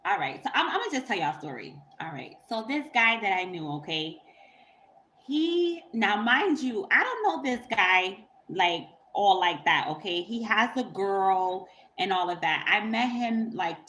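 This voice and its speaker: A woman's voice: medium pitch, animated, measured pace, bright, forceful tone, slight background noise, poor audio. A woman tarot reader telling a story in a rambling, profane, casual way on a livestream, often breaking into laughter.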